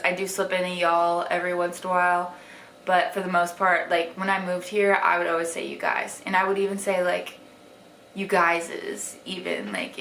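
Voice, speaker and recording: A woman's voice: mid-range voice, a bit bright. Chatty young woman from Wisconsin, echoey room. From Wisconsin, USA. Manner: chatty, lots of "like" and "um", drawn-out words for emphasis. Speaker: vlogger. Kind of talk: casual chat to camera. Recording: echoey room with faint ambient noise.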